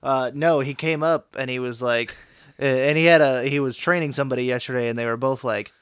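A man's voice: mid-range voice, steady tone, brisk, smooth, no echo, studio quality. A young man co-hosting a casual podcast, joking around and telling stories with casual swearing. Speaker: podcast co-host. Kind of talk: casual chat.

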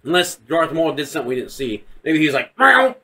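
A man's voice: a little high, fast, a crowd in the background. A man co-hosting a podcast, chatting casually and profanely, acting out scenes with silly voices. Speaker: podcast co-host. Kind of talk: casual chat.

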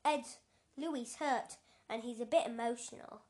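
A woman voicing an excitable eye numbskull that wants to start crying. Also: on the high side, measured pace, natural voice. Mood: excited. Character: emotional eye numbskull inside a head.

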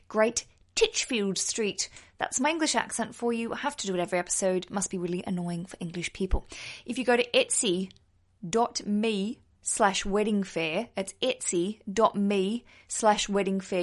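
A woman hosting a wedding podcast, chatting in a bubbly, effusive way. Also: medium pitch. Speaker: podcast host. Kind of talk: casual podcast chat.

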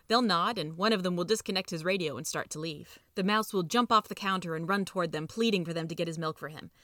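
A woman reading a storybook aloud as host, playful and expressive. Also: fairly low pitch, quick pace, few pauses, no room sound, clean studio sound. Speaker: reader and narrator. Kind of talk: scripted storybook narration.

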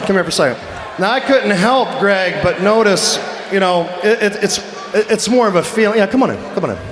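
Bossy high-voiced man in a loud arena. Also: lively intonation, brisk. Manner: bossy, mocking, repeatedly cutting in. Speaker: wrestler cutting a promo. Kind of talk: live in-ring wrestling promo. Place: large indoor arena. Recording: echoey arena with loud crowd. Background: live crowd noise.

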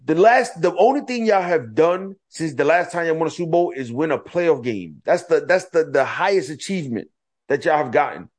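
Slightly high-voiced and moderately paced, this man co-hosts a podcast, chatting casually. He swears a lot and brings his stories to life by acting out quoted back-and-forth.

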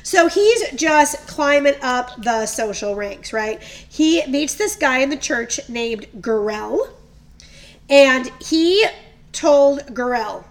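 Animated high-voiced woman chatting. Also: takes it slowly. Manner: animated, laughing, mimics voices in quotes. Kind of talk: casual chat.

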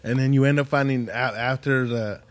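A man's voice: medium pitch, steady tone, moderate pace, dry recording. Guy hosting a podcast, swears a lot, does voices for people in his stories, dry mic sound. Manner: slangy, profane storyteller, acts out quoted voices. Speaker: podcast host. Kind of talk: casual chat.

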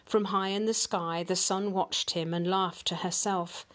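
Slow, gentle grandmother storyteller. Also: lowish voice, steady tone. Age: older. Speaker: grandmother reading storybooks aloud. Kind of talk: storybook read-aloud narration.

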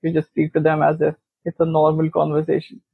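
Gravelly flat-voiced man on a phone-like line. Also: fairly high pitch, no echo. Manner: blunt, unhurried, wry remarks. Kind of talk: casual chat. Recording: phone-like dry recording.

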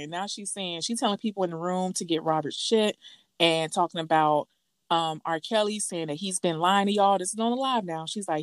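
Woman co-host, casual gossip storyteller, acts out quotes, slightly low voice, dry close mic. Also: expressive, moderate pace, no room sound.

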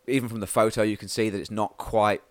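Man, game master, low voice, dry close sound, halting casual narration. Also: steady tone, dry recording.

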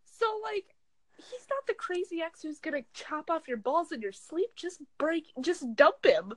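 A young woman with a very high voice hands out blunt, joking advice in a slangy, casual way. Her voice is recorded close and dry. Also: very animated, unhurried, a bit bright, dry recording, low-quality recording. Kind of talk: casual chat among friends.

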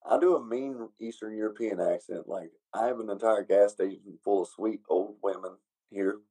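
A man's voice: fairly low pitch, normal speed, warm tone, husky, no room sound, rough recording. A man co-hosting a podcast in casual, joking chat, laughing often. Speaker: podcast co-host.

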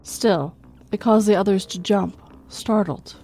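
A woman reading a horror story in a slow, measured storytelling way. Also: mid-range voice, warm tone, soft background music. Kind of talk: scripted horror narration.

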